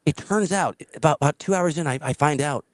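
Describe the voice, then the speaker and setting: A man hosting a casual podcast who tells stories in a lively way, laughs often and acts out the people he quotes. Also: fairly high pitch, a little fast, no echo. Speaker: podcast host. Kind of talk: casual storytelling chat.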